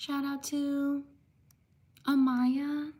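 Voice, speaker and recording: A woman livestreamer giving slow, careful shout-outs to viewers while writing their names by hand, often apologizing for pronunciation. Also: sits high, flat delivery.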